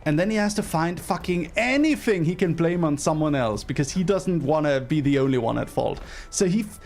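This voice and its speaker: A man telling a story on a livestream, animated, emphatic and full of profanity. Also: fairly high pitch, fairly quick, vocal fry, a little hiss or hum.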